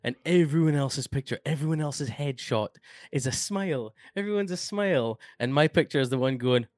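A man's voice: a little high, expressive, moderate pace, darkish tone, no echo. A man chatting on a live podcast with dry, teasing humor. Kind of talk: casual live podcast chat.

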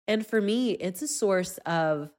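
A woman's voice: medium pitch, lively intonation, unhurried, a little mellow. A woman in her thirties hosting an interview podcast, talking earnestly and personally. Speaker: podcast host. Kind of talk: conversational interview.

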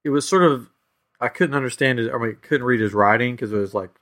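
A man hosting a casual podcast, talking at a middling pitch and telling his story in loose, meandering runs full of filler words. He restarts sentences often and keeps the chat relaxed. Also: fast. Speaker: podcast host.

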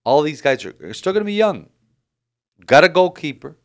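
A man hosting a casual sports podcast, animated and rambling with frequent restarts. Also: a little high, normal speed. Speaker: podcast host.

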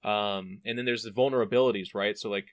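A man speaking as a podcast guest, telling his story in an animated, profane, self-deprecating way. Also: on the low side, fast, dry recording. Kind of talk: casual storytelling.

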